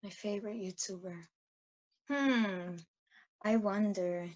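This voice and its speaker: A young adult woman answering questions as a guest in a casual interview, relaxed and giggly. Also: medium pitch, slow, highs cut off.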